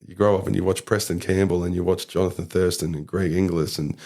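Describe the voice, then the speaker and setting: Gravelly deep-voiced Australian young man. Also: steady tone, fast, darkish tone. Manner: rambling, filler-heavy storytelling with lots of "like". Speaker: podcast guest, rugby league player. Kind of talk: casual storytelling chat.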